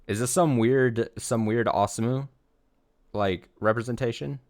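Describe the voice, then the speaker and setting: A man's voice: medium pitch, measured pace. A man streaming, reading a visual novel aloud in a casual, rambling way. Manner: casual, rambling, with fillers and restarts.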